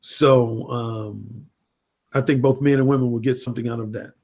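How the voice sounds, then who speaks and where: A man's voice: medium pitch, steady tone, normal speed, creaky, a little mellow. A man, a dating coach, talking casually and frankly into a livestream webcam, with plenty of blunt, profane language. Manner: frank, unfiltered, profane talk.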